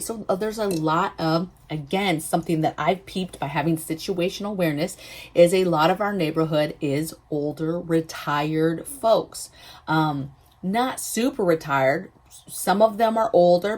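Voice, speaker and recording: Low-voiced woman vlogging about prepping. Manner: animated, chatty, emphatic rhetorical asides. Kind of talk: casual storytelling to camera.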